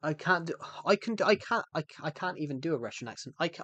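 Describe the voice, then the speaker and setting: A man's voice: a little high, animated, fast talker, few pauses, fairly bright tone, no room sound. A man chatting on a live stream in a rambling, jokey way, often restarting his sentences. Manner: rambling, self-interrupting, jokey. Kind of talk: casual live-stream chat.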